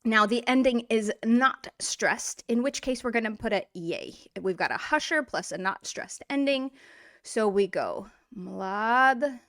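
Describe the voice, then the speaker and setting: A woman teaching a language lesson in a casual, explanatory way, repeating words slowly to model pronunciation. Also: a little high, a bit bright, dry recording, clean studio sound.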